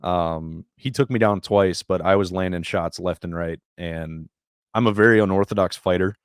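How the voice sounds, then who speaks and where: A man's voice: sits low, moderate pace, smooth, no echo, studio quality. A man guest on a podcast, a former fighter, telling stories in a casual, profane, laughing way. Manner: profane, laughing, energetic storytelling. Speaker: podcast guest, jiu-jitsu brown belt and former MMA fighter. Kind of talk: casual storytelling.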